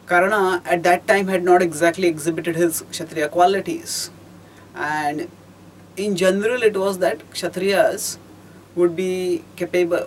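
High-voiced man telling a scripture story. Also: a little hiss or hum, poor audio. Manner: measured, explanatory, pausing and rephrasing. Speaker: teacher of scripture. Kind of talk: storytelling lecture.

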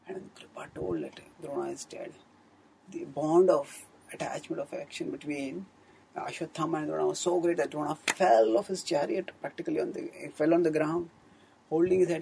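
A man's voice: on the high side, fairly quick, vocal fry, darkish tone, a little hiss or hum, low-quality recording. A man giving a scriptural storytelling discourse as a spiritual teacher, in an earnest manner, often correcting himself. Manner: earnest, fluent retelling with frequent self-corrections.

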